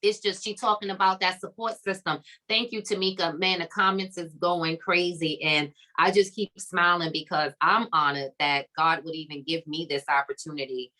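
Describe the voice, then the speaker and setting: This summit host is a bright, emphatic woman with a fairly low pitch and steady tone, moving at a moderate pace with few pauses. In a preacher-like style she repeats phrases with "come on" and "okay," offering encouraging faith talk to a live online audience on a low-quality recording.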